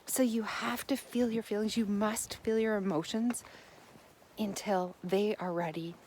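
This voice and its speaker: A woman giving a motivational self-help monologue. She is gentle and encouraging and often repeats her phrases. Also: mid-range voice, fairly even intonation, a little slow, slight background noise.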